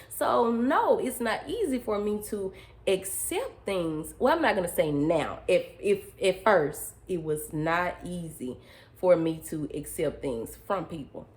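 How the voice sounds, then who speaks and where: Animated young woman vlogger telling a story. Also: medium pitch, measured pace. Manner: animated, emphatic, addresses viewers as y'all. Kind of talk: casual storytelling to viewers.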